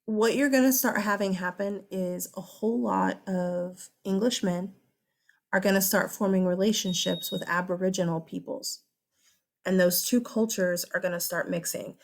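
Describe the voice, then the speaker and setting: A woman's voice: mid-range voice, steady tone, moderate pace, vocal fry. A woman teacher giving a casual classroom lecture, chatty and teasing her students with asides.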